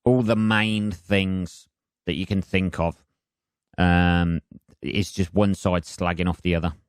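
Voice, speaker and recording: A man's voice: low-pitched, steady tone, slow, clean tone, dry recording, studio quality. A man hosting a solo podcast, rambling and self-mocking with lots of swearing. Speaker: podcast host.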